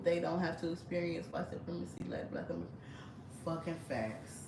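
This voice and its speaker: Woman, low voice, blunt and chatty storyteller, recorded at a distance in an echoey room. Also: expressive, brisk, creaky, noisy background. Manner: blunt, chatty, frequent swearing and laughter. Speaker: vlogger. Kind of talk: casual storytelling.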